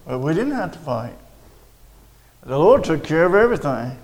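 An older man, telling a personal story of faith in a rambling, halting way with many restarts. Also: on the high side, very animated, a little mellow, in a large hall, poor audio. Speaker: storyteller recounting a personal witness. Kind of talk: casual spoken testimony.

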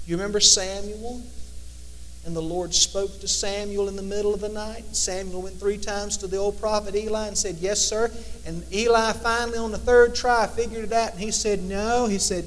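A man delivers a sermon in a high voice. He swings between loud, emphatic lines and hushed, drawn-out ones, and a long reverb trails each phrase. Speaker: preacher.

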